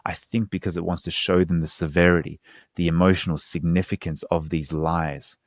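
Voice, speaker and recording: A man's voice: low voice, flat delivery, fairly quick, dry recording, studio quality. A man speaking as a hypnotherapist guest in a casual podcast conversation, earnest and explanatory with slangy asides.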